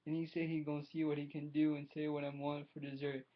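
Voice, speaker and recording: A man reading a novel chapter aloud as an audiobook, halting and restarting words as he goes. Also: fairly high pitch, monotone, lo-fi sound. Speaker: audiobook reader.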